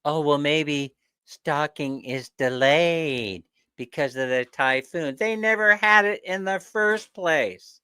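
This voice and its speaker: A man hosting a casual livestream chat, ranting with animated energy and laughing often. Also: fairly high pitch, takes it slowly, clean tone, no echo, studio quality. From not from the Philippines. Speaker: livestream host.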